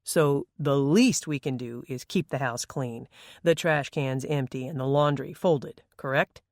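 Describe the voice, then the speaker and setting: A narrator voicing a calm, reasoning father with a deep baritone in an audiobook. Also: unhurried, dry recording, clean studio sound, close to an everyday voice. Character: grown man, booming baritone father.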